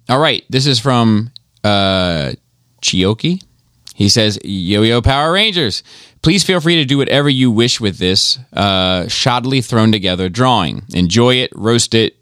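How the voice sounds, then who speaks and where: Low-voiced man telling a rambling story. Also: fairly bright tone, clean tone, dry recording, clean studio sound. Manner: rambling storyteller, profane, lots of ums and you-knows. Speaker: podcast co-host. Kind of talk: casual chat.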